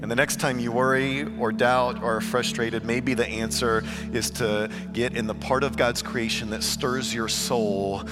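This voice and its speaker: Middle-aged male pastor, mid-range voice, sermon with quiet-to-lively delivery, music underneath. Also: medium pitch, a little slow, hardly any pauses. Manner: shifts between hushed earnest tones and lively storytelling.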